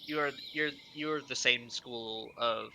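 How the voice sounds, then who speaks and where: Male tabletop player, very bright, flat delivery, hesitant and halting. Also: medium pitch, vocal fry, slight background noise, low-quality recording. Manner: hesitant, halting, many fillers. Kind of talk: in-character tabletop role-play.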